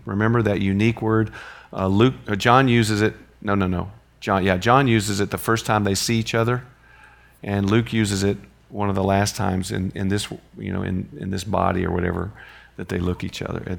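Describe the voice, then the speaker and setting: Male Bible teacher, low and gravelly; conversational classroom lesson with rhetorical questions.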